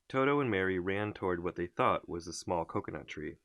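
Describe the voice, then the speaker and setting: Deep-voiced man reading a storybook. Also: dry recording, studio quality. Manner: expressive, unhurried storytelling. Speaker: storybook reader. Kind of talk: reading a children's book aloud.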